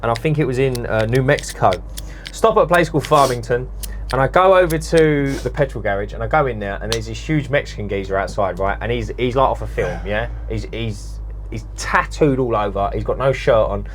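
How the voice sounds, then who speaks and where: A man with a London accent, co-hosting a podcast in casual chat and telling animated, slangy stories. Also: medium pitch, brisk, slight background noise. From England. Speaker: podcast co-host.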